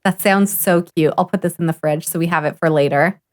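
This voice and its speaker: A woman streamer giving casual live gameplay commentary, excitable and gushing, often gasping and laughing. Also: on the low side, a little fast.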